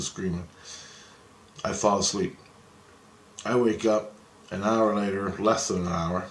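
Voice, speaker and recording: A man with a lowish voice rants on at length, agitated and swearing freely. The sound bounces around an echoey room. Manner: agitated, profane ranting. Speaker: vlogger. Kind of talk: rambling spiritual monologue.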